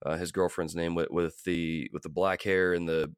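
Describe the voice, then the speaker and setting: Brief: male co-host, mid pitch, dry close sound, halting and exasperated while recapping a film. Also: little pitch movement, clear, resonant tone, dry recording. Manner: hesitant, halting, exasperated asides. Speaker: podcast co-host. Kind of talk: casual movie review chat.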